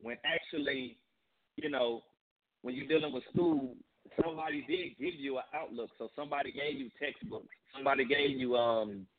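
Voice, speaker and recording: A rapper from St. Louis with a St. Louis accent, talking in a laid-back, rambling way as an interview guest. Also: male voice, mid-range voice, sing-song, normal speed, gravelly. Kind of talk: casual interview. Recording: tinny phone line.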